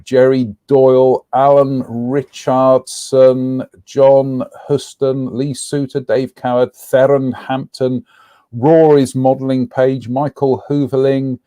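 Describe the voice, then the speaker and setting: A man's voice: medium pitch, flat delivery, slow, mellow, dry recording. Dry-sounding man, chatty live-stream host. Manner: rambling, frequent ums, reading out viewer names. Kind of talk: casual live-stream chat.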